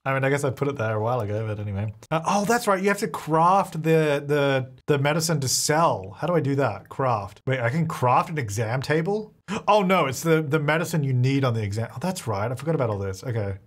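A man's voice: mid-range voice, expressive, brisk. A man hosting a gaming video, giving chatty, self-mocking gameplay commentary and laughing often.

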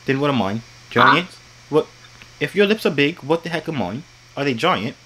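A man putting on a loud, fake-angry British bloke. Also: fairly high pitch, expressive, normal speed, pitched above the performer's own voice. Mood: teasing. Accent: put-on exaggerated British. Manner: loud, mocking, teasing, full of insults. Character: brash, insulting young British man, mock-angry. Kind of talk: prank video chat role-play.

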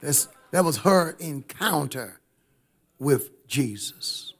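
A man's voice: fairly high pitch, animated, slow pace. A man preaching a sermon in a church, emphatic and talking directly to the congregation.

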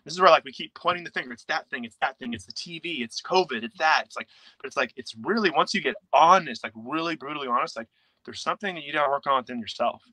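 Guy coach talking quick, bright forceful voice, lively, acts out little voices. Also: on the high side, no room sound, rough recording. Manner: animated, acts out quoted inner voices. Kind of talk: casual interview talk.

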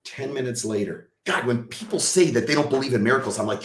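A man from Texas, a podcast guest, telling a personal story in an animated way, casually swearing and acting out what people said. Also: medium pitch, fast, few pauses, roomy sound.

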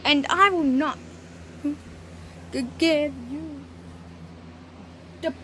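Text-to-speech woman voicing a stiff, high scolding authority figure. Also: fairly even intonation, drawn-out words, pushed and bright, a little hiss or hum, full character voice. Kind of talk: text-to-speech cartoon voices.

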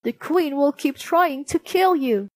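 Dwarfs, kindly, earnest, protective, worried, higher and louder, storybook, voiced by a woman. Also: expressive, a little slow, dry recording.

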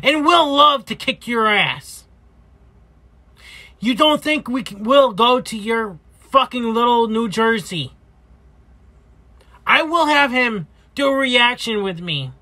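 A man's voice: extremely high pitch, lively intonation, slow, pauses often, sharp tone. A man hosting a reaction video, ranting and trash-talking in a crude, taunting way. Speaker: reaction host. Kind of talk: profane reaction rant.

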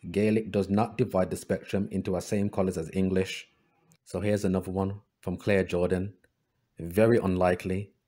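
A man hosting a history channel, reading book excerpts aloud and adding sarcastic asides. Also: on the low side. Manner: reads passages in an even voice, then adds sarcastic asides.

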